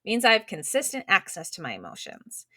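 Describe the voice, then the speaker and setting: A woman guest on a podcast, a business coach, explaining in casual, animated talk full of "like" fillers. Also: medium pitch, brisk, dry recording, studio quality. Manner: animated, quotes imagined inner voices, many "like" fillers.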